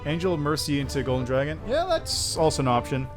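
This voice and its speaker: A man's voice: on the high side, very animated, fast, faint music behind. Casual man streaming a game. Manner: casual, offhand, reads dialogue aloud. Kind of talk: casual game commentary and reading aloud.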